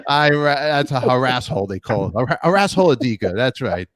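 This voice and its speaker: A man hosting a live online talk show, joking loudly and giving quick shout-outs to viewers in the chat. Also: mid-range voice, lively intonation, no echo. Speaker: podcast host. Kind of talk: lively live-stream chat.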